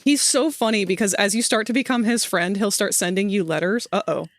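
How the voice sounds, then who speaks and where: A woman streamer talks casually over a game, chatty and quick to laugh. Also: medium pitch, no room sound. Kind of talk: casual gameplay chat.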